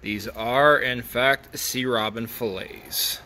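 A fishing charter captain, a man, casually explaining as he cooks in his home kitchen, plain-spoken and relaxed as he works. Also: mid-range voice, takes it slowly. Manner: plain-spoken, relaxed, talks while working. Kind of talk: casual how-to cooking vlog.

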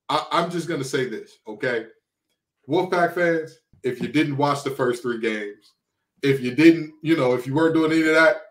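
A man co-hosting a sports podcast, talking with animated, playful energy and fired-up calls to the fans. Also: fairly high pitch, roomy sound. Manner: animated, preacher-like exhortations, playful trash talk. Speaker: podcast co-host, former college football player. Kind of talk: excited sports podcast talk.

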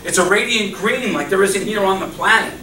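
Echoey pastor preaching, high voice. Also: male voice, fairly quick. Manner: animated preaching, swinging from loud exclamations to soft, low murmurs. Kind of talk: sermon. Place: church. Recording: echoey church hall, mic at a distance, faint hum.

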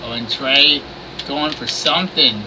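A man's voice: mid-range voice, measured pace, recorded from a distance, heavy background noise. A man streaming a wrestling video game, calling the action and swearing as he complains about the game. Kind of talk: livestream play-by-play commentary.

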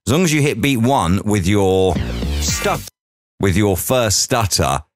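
A man's voice: on the low side, animated, normal speed, soft background music. A man teaching audio editing, talking through each step aloud with chatty asides. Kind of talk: software tutorial walkthrough.

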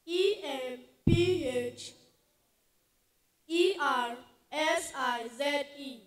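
A woman or girl contestant spelling words letter by letter in a hesitant, halting way. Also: high-pitched. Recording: echoey hall, distant mic.

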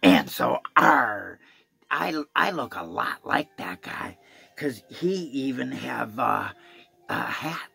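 A man's voice: medium pitch, sing-song, slow, gravelly, sharp tone, husky, no room sound. A man rambling through a playful homemade video sermon, slipping into pirate talk. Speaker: video preacher.

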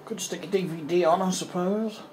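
A man's voice: high-pitched, fairly even intonation, a little fast, darkish tone, a little hiss or hum. An English man vlogging at home in his bedroom, rambling and muttering to himself in casual running commentary as he tidies up, often trailing off mid-thought. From England.

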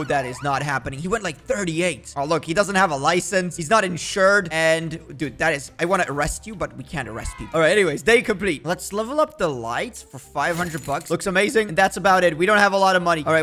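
Excitable young man, playful mock-cop bluster. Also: fairly high pitch. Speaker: gaming YouTuber. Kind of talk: gameplay commentary.

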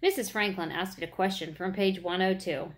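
A woman reading a children's chapter book aloud, with expressive narration. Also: lowish voice, moderate pace. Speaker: reader.

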